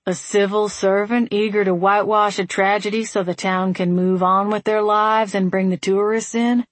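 A woman reading as a by-the-book male sheriff in an audiobook, doubtful and matter-of-fact, in a steady mid-pitched voice. The recording is close and dry. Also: normal speed, dry recording, lightly acted. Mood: skeptical. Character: skeptical, stiff new male sheriff.

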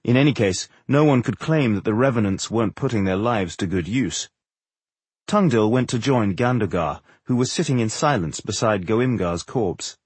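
Husky male audiobook narrator. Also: lowish voice, dry recording. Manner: measured, steady.

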